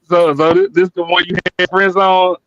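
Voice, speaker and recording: A man hosts a relaxed online panel, ribbing his guests with easy jokes. His voice sits fairly high. The sound is dry, close and slightly dull. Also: moderate pace, no room sound. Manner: teasing, loose and joking. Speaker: podcast host. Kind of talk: casual panel chat.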